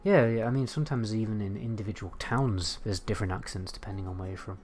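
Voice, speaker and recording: British man, lowish voice, casual streamer who rambles and swears freely. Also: fairly even intonation, quick pace, a little mellow. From United Kingdom. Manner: rambling and sweary, answering chat. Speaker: game streamer. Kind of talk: casual livestream chat.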